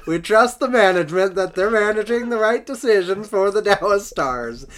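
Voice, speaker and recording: A man putting on a hockey player's voice in a wandering mock Swedish accent, higher and louder than his usual voice. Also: slight background noise. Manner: mock accent sliding between Swedish, Italian and Minnesotan.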